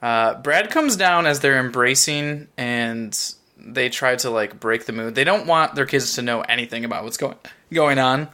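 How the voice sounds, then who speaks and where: A man with a bright, forward voice co-hosts a podcast about a sitcom. He recaps scenes in a casual, upbeat way and cracks jokes as he goes. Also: mid-range voice, normal speed. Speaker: podcast co-host.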